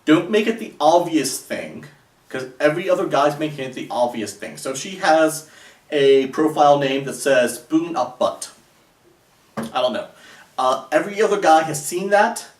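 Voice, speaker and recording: A man's voice: fairly high pitch, expressive, normal speed. A man giving casual dating advice in a sarcastic, rambling way, with many fillers. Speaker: dating coach. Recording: echoey room, voice a bit far from the mic.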